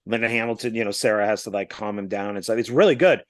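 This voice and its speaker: A man co-hosting a podcast, retelling movie scenes in a casual, animated way, quoting the characters' lines as he goes. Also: lowish voice, fast talker, no room sound. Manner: animated storyteller who retells scenes with quoted lines and small laughs. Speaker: podcast co-host. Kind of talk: casual film chat.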